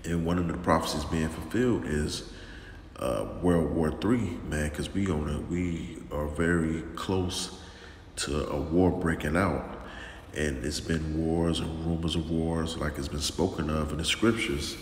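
A man preaching informally and sternly, talking slowly with lots of repetition and restarts. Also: rumbling low, fairly even intonation. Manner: slow and drawn-out, repeats himself, calls listeners "man", stern. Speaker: religious teacher. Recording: echoey room with long reverb and faint noise.

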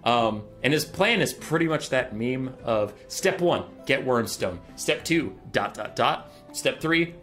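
A man's voice: medium pitch, fairly bright tone. A young man recapping game lore in an irreverent, sarcastic, comedic way. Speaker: video creator.

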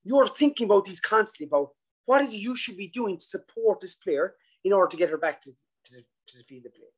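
A man presenting a coaching webinar over a video call, animated and acting out a worried coach's thoughts. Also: high voice, quick pace, slightly rough, rough recording. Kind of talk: casual webinar talk.

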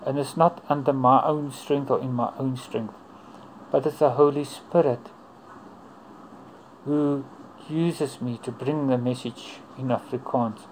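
A man sharing a personal faith testimony, earnest and unhurried, with a middle-pitched voice. His phrases come in short pieces with pauses between them. A faint hiss sits under the voice. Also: fairly even intonation, low-quality recording. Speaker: churchgoer giving testimony.

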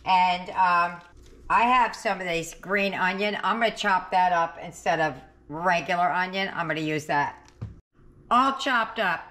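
Middle-aged woman host, home cooking vlog, chatty thinking-aloud delivery, lowish voice. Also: unhurried, bright, forceful tone. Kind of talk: casual home cooking video. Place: home kitchen.

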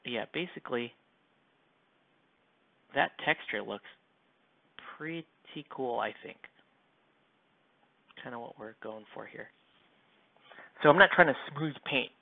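A man's voice: medium pitch, takes it slowly, gravelly, pauses often. An American man chatting casually with viewers while painting a miniature on a live stream, rambling and joking as he works. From United States. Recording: tinny, lo-fi, close dry mic.

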